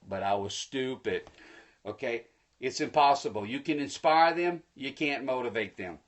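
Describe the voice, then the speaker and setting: A man giving a live-streamed motivational talk, preachy and energetic, speaking to viewers through a phone. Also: medium pitch. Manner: energetic, preachy, bursts into excited shouts; folksy, addresses viewers directly. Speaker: motivational speaker hosting a livestream.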